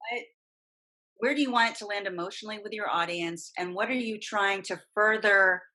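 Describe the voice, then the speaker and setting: A middle-aged woman, a voice actress and coach, is the guest on a laid-back podcast. Her mid-range voice moves at a fairly quick clip as she talks energetically, emphatically and at length. The audio is poor.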